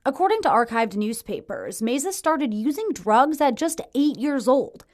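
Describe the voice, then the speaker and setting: A woman reporter narrates a televised crime segment. Her voice sits a little high and rises and falls a lot. She reads in a crisp, measured news manner. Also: animated, a little mellow, a little hiss or hum.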